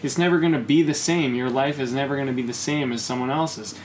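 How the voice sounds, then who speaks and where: A man co-hosting a podcast, ranting in casual chat, swearing often and rising into loud bursts. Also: medium pitch, steady tone, fast talker, a little hiss or hum. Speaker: podcast co-host.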